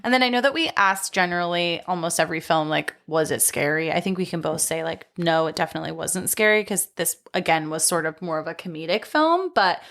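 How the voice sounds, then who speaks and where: Lady podcast cohost, a bit low-pitched, giggly, retelling movie scenes. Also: lively intonation, brisk, few pauses, fairly bright tone. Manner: chatty, laughs often, retells scenes. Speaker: podcast co-host. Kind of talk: casual chat.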